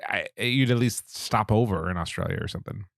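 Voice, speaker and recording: A man co-hosting a movie podcast, chatting casually in an animated way and laughing easily. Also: on the low side, brisk, gravelly, no echo, studio quality. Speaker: podcast co-host. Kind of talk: casual chat.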